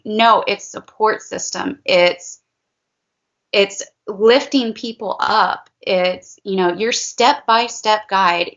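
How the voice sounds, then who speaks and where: A woman's voice: on the high side, pushed and bright, dull audio. A woman, a parent of a child with special needs, talking in an interview in an earnest, heartfelt way and repeating herself for emphasis. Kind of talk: emotional testimonial interview.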